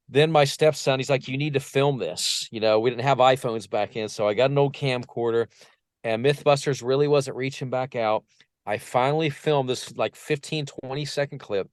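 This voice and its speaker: A man's voice: medium pitch, no echo, clean studio sound. A man telling stories as a podcast guest, acting out the voices of people he quotes. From Portsmouth. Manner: lively anecdotes, acts out quoted voices. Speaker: podcast guest, vocal coach. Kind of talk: casual storytelling interview.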